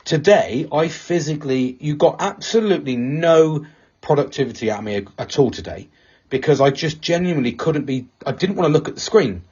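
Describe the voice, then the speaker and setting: A man's voice: on the high side, lively intonation, a little fast, a little mellow, husky, muffled recording. A man co-hosting a casual podcast chat, rambling and swearing freely, with a tension headache. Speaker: podcast co-host.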